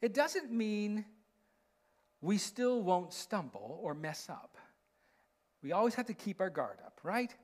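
High-voiced man preaching a sermon. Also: sing-song, slow, long pauses. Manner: asks the congregation rhetorical questions, tags lines with "right?". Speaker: pastor.

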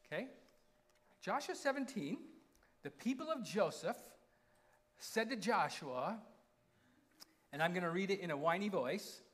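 Lively high-voiced pastor. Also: male voice, a little slow, long pauses. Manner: keeps checking in with the congregation. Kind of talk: conversational sermon.

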